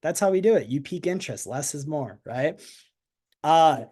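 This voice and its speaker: A man leading a network marketing team call on a video call, energetic and chatty, asking the audience questions. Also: on the high side, moderate pace, slightly rough. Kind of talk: motivational team call talk.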